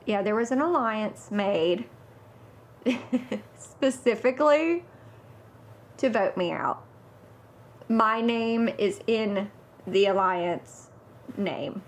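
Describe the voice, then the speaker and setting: A woman's voice: fairly high pitch, very slow, pauses often, a little hiss or hum. A woman talking casually through her game strategy in a confessional, with many fillers. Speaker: reality game contestant.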